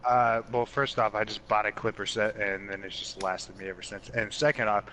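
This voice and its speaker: Young male co-host, bright tense voice, crude jokey banter over a faint hiss. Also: fairly low pitch, little pitch movement, a little fast. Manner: jokey, swears, laughs mid-sentence. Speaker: podcast co-host. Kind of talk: casual chat.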